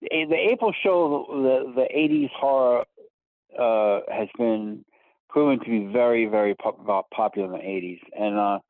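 Male event organizer, halting and restarting, on a tinny phone line. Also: mid-range voice, no echo. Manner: halting, many restarts and fillers. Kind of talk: casual podcast chat.

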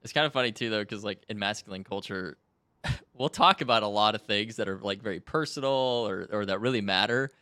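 A man in casual podcast chat, joking around in an animated way. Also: on the low side, brisk, smooth, no room sound.

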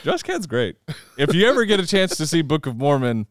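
A man in his thirties chatting casually as a podcast host, telling animated stories and laughing at himself. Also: fairly high pitch, a little fast, dry recording, studio quality. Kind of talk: casual chat.

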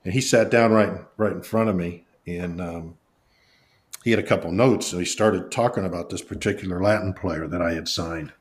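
Older man, low voice, rambling anecdote. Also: normal speed. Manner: rambling anecdotes with restarts and acted-out quotes. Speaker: guest, former baseball executive and scout. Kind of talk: storytelling in a podcast interview.

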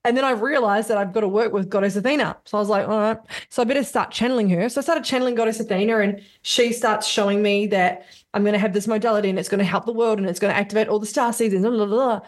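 A woman guesting on a podcast, talking in a loose, gushing, animated way and dropping swear words freely. Her pitch sits in the middle for a woman. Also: fast. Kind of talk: casual conversational storytelling.

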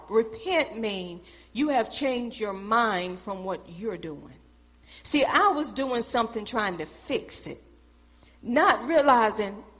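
Woman preaching, middle-aged, testimony style, lively storyteller, calls out to the crowd, fairly high voice. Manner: animated storytelling, calling out to the audience. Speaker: speaker giving a testimony.

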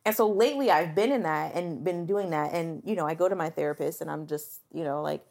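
A woman's voice: fairly low pitch, brisk, vocal fry, hardly any pauses. A woman co-hosting a podcast in casual chat, talking openly and animatedly about her feelings, filling her speech with "like" and acting out what people said. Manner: chatty, animated, confessional, leans on "like" and acts out quoted voices. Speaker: podcast co-host.

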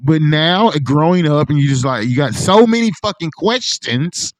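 A man's voice: fairly high pitch, animated, normal speed, no echo, low-quality recording. A man hosting a podcast in casual chat, rambling and swearing with lots of "like". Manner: rambling, profane, heavy use of "like". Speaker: podcast host.

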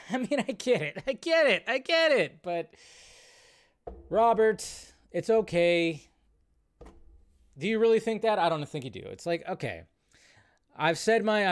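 A man hosting a live film news show, giving animated, sarcastic commentary and ranting as he goes. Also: fairly high pitch, clean tone.

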